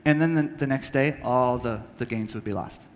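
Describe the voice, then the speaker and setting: Earnest man speaking in a reverberant hall. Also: medium pitch. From United States. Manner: earnest, halting with restarts, acts out dialogue. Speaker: speaker at a church training session. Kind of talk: conference talk with personal story. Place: church hall.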